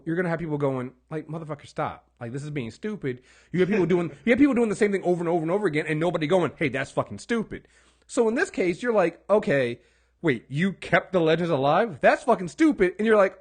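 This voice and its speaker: A man co-hosting a casual TV recap podcast, rambling and animated, swearing freely and acting out characters' lines. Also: fairly high pitch. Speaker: podcast co-host.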